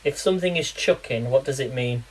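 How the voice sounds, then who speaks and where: A man from England, a live-streaming home cook, chats loosely with his audience while cooking, his medium-pitched voice brisk. The talk rambles, often dissolves into laughter, and keeps turning into small word quizzes for viewers, over a low-quality recording with slight background noise.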